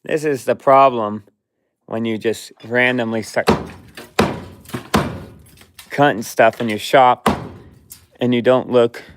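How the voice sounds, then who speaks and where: This is a man at an ordinary middle pitch, talking slowly and unhurriedly. He rambles through a casual running commentary while he cleans a cluttered workshop, muttering to himself and to his dog. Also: fairly even intonation, background noise.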